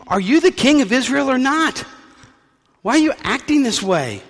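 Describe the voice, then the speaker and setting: A man's voice: fairly high pitch, wildly swooping pitch, unhurried, vocal fry, bright, forceful tone, slightly rough, exaggerated voice. A pastor acting out a domineering queen who scolds her husband in a raised voice, in a reverberant church. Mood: scolding. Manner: scolding, commanding. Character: cunning, domineering ancient queen, female.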